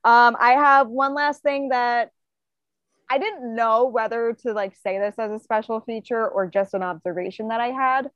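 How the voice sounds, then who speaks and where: A woman co-hosting a movie podcast in casual chat, quick with short reactions and asides. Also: fairly high pitch, fairly bright tone, dry recording, dull audio. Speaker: podcast co-host.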